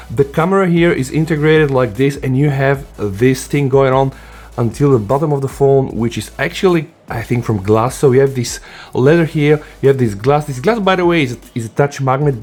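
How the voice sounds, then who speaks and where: A man's voice: fairly high pitch, a little mellow. Eager man reviewing a phone. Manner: enthusiastic, often says "guys". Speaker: tech reviewer. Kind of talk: casual unboxing review.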